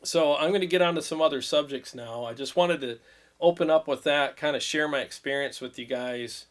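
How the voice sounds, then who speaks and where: A man's voice: a little high, a little fast. Man, fifties, casual livestream talk, earnest, rambling. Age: 50s. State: recovering from illness, drained. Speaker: livestream host.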